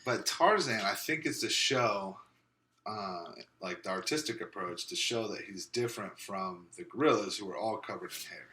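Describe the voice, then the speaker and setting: A man's voice: lowish voice, moderate pace, bright, forceful tone, a little hiss or hum. A young man co-hosting a casual podcast chat. He rambles, trips over words and repeats them, and has a slight speech impediment. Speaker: podcast co-host.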